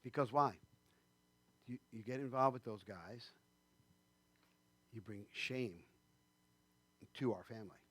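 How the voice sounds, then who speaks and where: A man's voice: mid-range voice, takes it slowly, pauses often, a bit bright. A man preaching a sermon in a church, conversational and rambling, with many fillers and asides. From New York State. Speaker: pastor.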